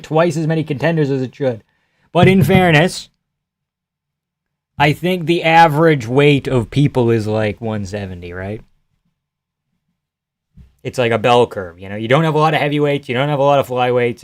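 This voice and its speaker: A man's voice: mid-range voice, dry recording. A man streaming live, chatting casually and joking through a fight watch-along, reading chat aloud and swearing freely.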